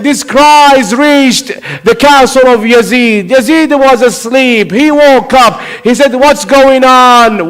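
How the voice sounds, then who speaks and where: A man's voice: very high-pitched, clean tone, poor audio. A man preacher giving a mourning sermon, telling the story in an emotive, repetitive way.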